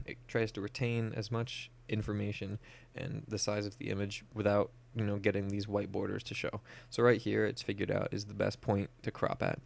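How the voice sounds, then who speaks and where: A man's voice: fairly low pitch, vocal fry, a little mellow. A young man talking casually through a photo editing tutorial, explaining each step with plenty of "uh" and "um". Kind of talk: screen-recorded software tutorial.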